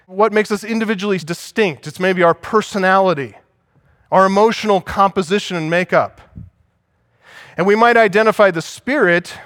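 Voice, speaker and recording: A man's voice: high-pitched, a bit bright, no room sound, clean studio sound. A man preaching a sermon as pastor, teaching and asking the congregation for agreement.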